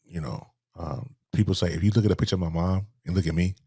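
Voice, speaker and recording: A middle-aged man, softly telling a personal story as a podcast guest, halting and restarting as he speaks. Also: deep voice, breathy edge, no echo, studio quality. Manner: soft-spoken, halting, with repeated restarts.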